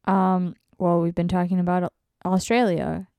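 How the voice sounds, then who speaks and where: A woman's voice: fairly low pitch, little pitch movement, normal speed, vocal fry, warm tone, no echo, clean studio sound. A woman co-hosting a casual podcast, trading playful jokes. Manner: playful, jokey banter. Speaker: co-host.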